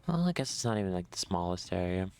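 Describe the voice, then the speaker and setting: A man streaming a video game, giving loud, offhand casual commentary. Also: deep voice, very animated, fast talker, clear, resonant tone.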